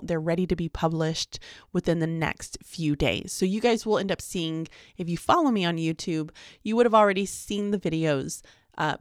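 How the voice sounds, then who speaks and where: A woman's voice: lowish voice, dry recording, studio quality. A young woman, a teacher and podcaster, chatting casually in a vlog diary with frequent ums and little laughs. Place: home, quiet in the mornings.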